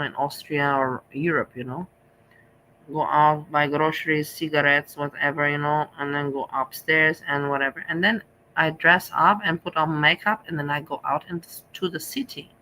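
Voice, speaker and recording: Middle-aged female host, confessional and repetitive, bright edge to the voice. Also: low-pitched, steady tone, moderate pace, slight background noise, poor audio. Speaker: vlog host. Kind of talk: candid casual chat.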